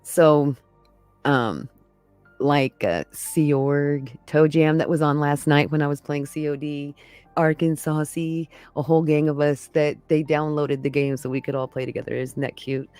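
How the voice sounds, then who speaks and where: A woman's voice: low-pitched, steady tone, measured pace, a little mellow, clear, resonant tone, no echo, faint music behind. A middle-aged woman, a mother, talking openly and chattily in casual podcast conversation. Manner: candid, chatty storytelling.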